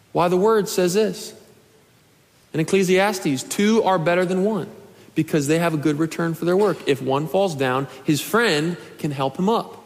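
A young man in his twenties delivers a sermon to his congregation in a somewhat high voice. He speaks earnestly and pleads with his listeners, sometimes rising to a shout. His words ring out with a long reverb through a church hall. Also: gravelly. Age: 20s. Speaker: pastor. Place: church sanctuary.

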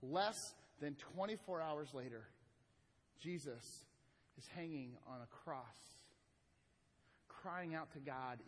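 A man preaching a sermon as pastor, swinging from loud emphatic lines to hushed, slow ones. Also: on the high side, expressive. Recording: long hall reverb.

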